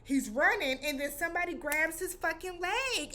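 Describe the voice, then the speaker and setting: A woman hosting a casual recap vlog, speaking in an animated, slangy way and acting out her own reactions. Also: very high voice, moderate pace, few pauses. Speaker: vlog host reviewing a TV episode.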